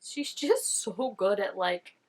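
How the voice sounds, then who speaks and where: A woman's voice: mid-range voice, animated, slow. A young woman hosting a reaction video, chatting casually and gushing over each scene, with lots of "like" fillers. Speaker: reaction channel host.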